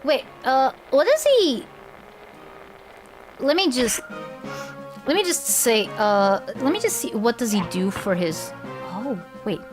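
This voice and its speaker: Slow-talking, self-mocking woman streamer. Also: fairly high pitch, big pitch swings, over music, poor audio. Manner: rambling, self-mocking, many restarts. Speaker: VTuber game streamer. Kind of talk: casual gameplay commentary.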